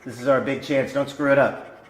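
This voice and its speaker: A man's voice: mid-range voice, fairly even intonation, normal speed, pitched above the performer's own voice, close to an everyday voice. An overeager little showman with a raised, pleading voice, desperate to impress, as a man puts him on while telling a joke. The room around him rings with echo, and a faint hiss sits underneath. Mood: eager. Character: eager hopeful man pitching his talking dog. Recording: echoey room with faint noise.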